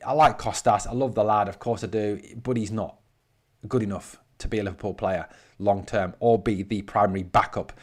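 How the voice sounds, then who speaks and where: A man from northeast England runs his own podcast alone and reads comments from a live chat as he goes. His voice sits at an ordinary pitch. He gives blunt opinions and curses at commenters who annoy him. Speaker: podcast host. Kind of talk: solo podcast talk reading live chat.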